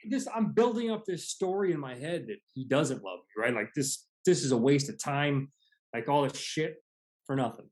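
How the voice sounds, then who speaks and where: A man's voice: mid-range voice, lively intonation, normal speed, darkish tone. Man in his forties, earnest storyteller. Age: 40s. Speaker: podcast host. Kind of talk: casual conversation.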